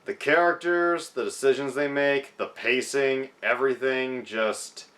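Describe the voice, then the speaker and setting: A man's voice: medium pitch, unhurried, a bit bright. A young man reviewing a film in a casual vlog, sounding frustrated as he criticizes it. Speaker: movie reviewer.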